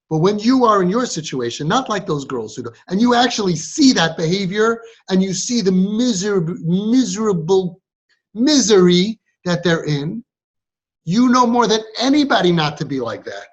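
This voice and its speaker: A man's voice: high-pitched, sing-song, moderate pace. A man giving a motivational talk to a group of girls, quizzing them with rhetorical questions and emphatic repeats. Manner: emphatic repetition, teasing. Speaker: speaker addressing a group of girls. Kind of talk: motivational talk to a live audience. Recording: dull lo-fi recording.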